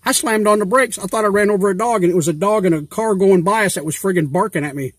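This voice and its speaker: A man's voice: high-pitched, fast talker, no room sound. A man talking in a chatty, rambling way with loose everyday grammar, posing questions to a fellow YouTuber. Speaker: YouTuber asking giveaway questions. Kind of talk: casual rambling vlog talk.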